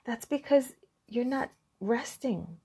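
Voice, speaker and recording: A woman's voice: a little high, animated, slow pace, warm tone, breathy edge. A middle-aged woman talking through heartfelt self-care advice, earnest and encouraging, often restarting her sentences.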